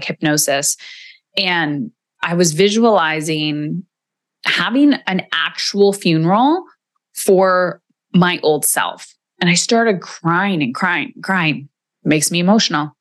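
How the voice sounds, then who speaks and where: Candid, emotional woman podcaster, lowish voice. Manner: candid, emotional, swears casually. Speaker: podcast host. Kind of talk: solo podcast reflection.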